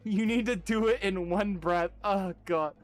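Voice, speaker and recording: A man's voice: high voice, measured pace, faint music behind. A man streaming a game, chatting casually with his chat, laughing often and now and then reading game dialogue aloud at full speed.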